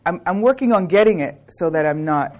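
Middle-aged woman, low-ish voice, chatty and rambling, laughs through a casual talk to an audience. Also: expressive, a little fast, a little mellow. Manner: chatty, joking, laughs often; rambling, with many restarts and fillers. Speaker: class facilitator.

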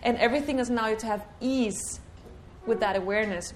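Woman coaching a workshop, higher voice. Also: a little fast, a little hiss or hum. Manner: drops to a quiet low murmur for a repeated clearing chant; questioning, coaching tone. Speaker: workshop facilitator. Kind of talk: teaching a live workshop.

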